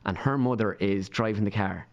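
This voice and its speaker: A man's voice: fairly low pitch, moderate pace, gravelly, dull audio. An Irish man, a podcast guest, tells rambling anecdotes full of fillers and acts out the voices of the people in them. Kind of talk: storytelling in a podcast interview.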